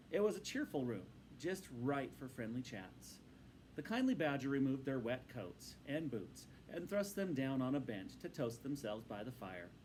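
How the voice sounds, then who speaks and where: A man reading a storybook aloud to his students in a patient, instructive and expressive way. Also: mid-range voice, a little hiss or hum, poor audio.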